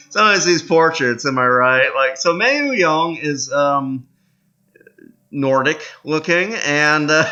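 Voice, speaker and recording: A man's voice: mid-range voice, sharp tone, highs cut off. A young man giving casual commentary on a strategy game he is playing, thinking aloud with lots of fillers and laughs, and reading event text aloud. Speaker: gameplay commentator.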